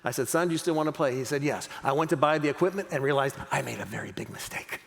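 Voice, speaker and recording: A man's voice: fairly high pitch, fast, creaky. A middle-aged man giving a keynote talk, telling a family story and acting out the voices he quotes. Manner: animated, acts out quoted voices. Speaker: motivational speaker. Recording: long hall reverb.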